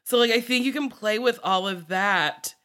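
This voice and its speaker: A woman in casual podcast chat, telling animated stories and laughing often. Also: mid-range voice, moderate pace.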